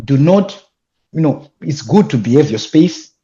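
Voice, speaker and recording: Young Zimbabwean-accented man, animated storyteller, warm mellow tone, dull lo-fi call audio. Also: fairly high pitch, a little slow. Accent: Zimbabwean English. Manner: animated, emphatic, repeats himself when excited. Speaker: guest, youth leadership speaker. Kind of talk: casual interview storytelling.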